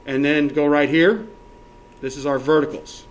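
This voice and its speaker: A man's voice: a little high, fairly even intonation, moderate pace, slight background noise. Male teacher walking a class through steps. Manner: checks in often with the class, counts options aloud. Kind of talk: classroom software tutorial.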